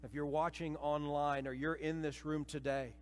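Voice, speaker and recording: A man preaching a sermon to a church congregation, dramatic, swinging between hushed and loud passages and acting out voices. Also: fairly high pitch, little pitch movement, normal speed, slight background noise. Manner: acts out quoted voices. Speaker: pastor. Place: church sanctuary. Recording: reverberant church hall.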